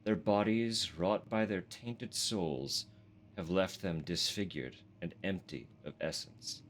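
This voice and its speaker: A man's voice: sits low, slow, slight background noise. A Canadian man streaming a horror game live, reading in-game text aloud and chatting in a self-deprecating way, swearing and laughing often.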